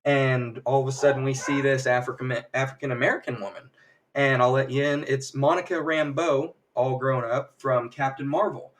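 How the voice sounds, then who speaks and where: A man's voice: mid-range voice, fairly even intonation, moderate pace, a bit bright, recorded from a distance. A man casually recapping a show on a livestream, rambling with lots of fillers and acted quotes. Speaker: livestream host. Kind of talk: casual episode recap chat. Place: home livestream setup.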